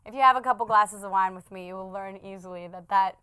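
Woman from the Bronx, podcast co-host, smooth clear voice, animated banter, quick to laugh. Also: medium pitch, no echo. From the Bronx, New York. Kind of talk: casual chat.

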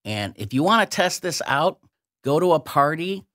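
A man speaking as a guest on a radio talk show, reading and explaining scripture verses with slow, emphatic delivery. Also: on the high side, very animated, fairly bright tone.

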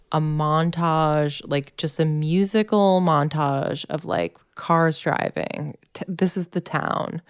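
A woman in her thirties co-hosting a podcast, chatting casually with lots of "like" fillers. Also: deep voice. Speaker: podcast co-host. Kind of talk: casual chat.

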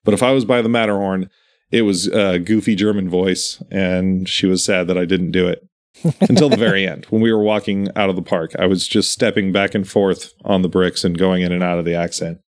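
Podcast co-host, man, low voice, casual and meandering, enthusiastic. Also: fairly even intonation, a little fast. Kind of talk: casual chat.

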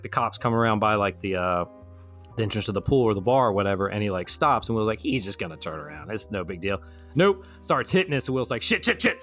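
A young man casually telling a long story to friends, rambling and animated as he acts out what his friends said. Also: lowish voice. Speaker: storyteller in a truth-or-lie game. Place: Florida.

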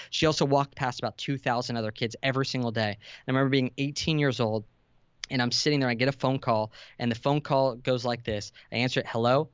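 A man's voice: medium pitch, smooth, no echo. Earnest young man, dry dull sound. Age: 20s. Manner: earnest, vulnerable, builds to intense emphasis. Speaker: podcast guest, entrepreneur. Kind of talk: emotional storytelling in conversation.

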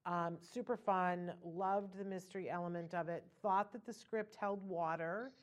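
A woman co-hosting a casual film review chat, frank and animated, laughing often. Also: fairly low pitch, measured pace.

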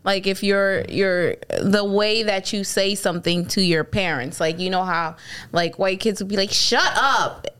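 A young woman in casual chat, giving hesitant, halting hints in a word game with many pauses and fillers. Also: medium pitch, steady tone, fairly bright tone, clear, resonant tone.

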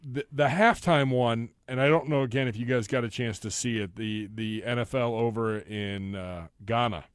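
A man's voice: medium pitch, normal speed, smooth, no room sound, studio quality. A man co-hosting a sports radio show, retelling commercials in a loose, rambling way. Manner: rambling, retells ads with quoted lines. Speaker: co-host. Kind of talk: casual sports radio chat.

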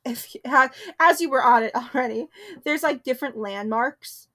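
A young woman co-hosting a podcast in casual chat, chatty and giggly, riffing quickly. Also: high-pitched, pushed and bright. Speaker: podcast co-host.

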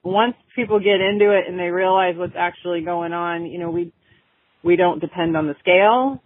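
A woman in her forties tells a story in a loose, chatty way, with plenty of fillers along the way. Her voice sounds a little husky. The sound is dry and thin, like a phone call. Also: fairly low pitch, normal speed, no room sound. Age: 40s. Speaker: guest, women's health coach. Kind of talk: casual podcast chat, storytelling. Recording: tinny, phone-like remote audio.

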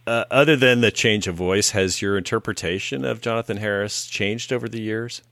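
A man's voice: lowish voice, a little fast, gravelly, a bit bright, dry recording. A man hosting an interview, asking friendly and long-winded questions. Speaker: interviewer, podcast host. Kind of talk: casual interview.

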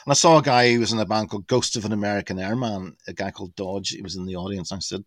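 A man in his fifties, a podcast guest telling a casual anecdote in an animated way, swearing freely and full of fillers and restarts. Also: low voice, racing, hardly any pauses, no echo. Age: 50s.

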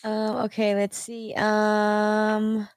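A young adult woman co-hosting a casual livestream, reading viewer questions in a hesitant, soft-spoken way. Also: medium pitch, monotone, very slow, smooth, no echo, clean studio sound.

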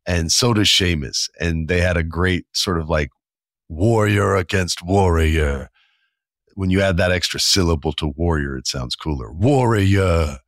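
A man in his forties hosting a podcast, talking casually and with enthusiasm, and often slipping into quick voiced asides. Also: low-pitched, fairly bright tone, dry recording, clean studio sound. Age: 40s. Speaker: podcast host. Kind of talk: casual solo commentary.

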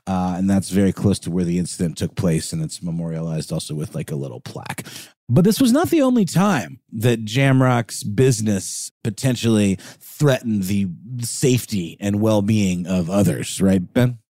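A man co-hosts a casual history podcast, talking in a chatty, halting way with frequent restarts. His voice sits low and mellow, and the sound is dry and close. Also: dry recording. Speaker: podcast co-host.

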